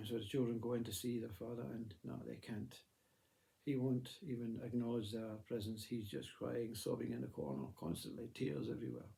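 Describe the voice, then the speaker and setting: A man telling a spiritual parable in a measured, gently emphatic way, often repeating words. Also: mid-range voice, creaky. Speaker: storyteller. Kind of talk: spoken parable.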